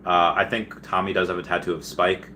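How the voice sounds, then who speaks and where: A man hosting a casual livestream, reading viewer comments aloud and rambling excitedly, often trailing off mid-sentence. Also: low voice, fairly quick, slight background noise. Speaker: livestream host.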